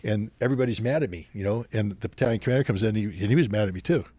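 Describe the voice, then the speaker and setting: Older man telling lively war stories. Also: on the low side, rapid-fire, no echo. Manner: animated anecdotes, acting out quoted officers. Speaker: podcast guest. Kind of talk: storytelling in a podcast interview.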